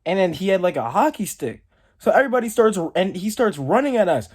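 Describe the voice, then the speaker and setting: A young man, a storytime vlogger, rambles through a story to camera, saying "like" constantly. He talks fast in a high voice with big swings in pitch.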